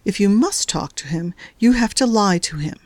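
A woman voicing a curt young wife under strain, who speaks in a sharp, clipped, cold way in a novel reading. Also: medium pitch, expressive, moderate pace, no echo, close to an everyday voice.

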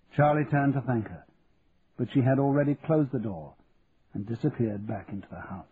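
Brief: male audiobook narrator, steady and measured, phone-thin sound. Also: medium pitch. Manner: measured storytelling. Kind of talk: audiobook reading. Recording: tinny lo-fi radio recording, faint hiss.

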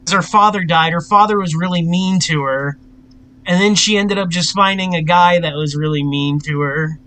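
Speaking at a moderate pace with a sharp, high-leaning voice, this young podcast co-host chats casually, laughing frequently and cursing without restraint. There's a little hiss or hum on the rough recording.

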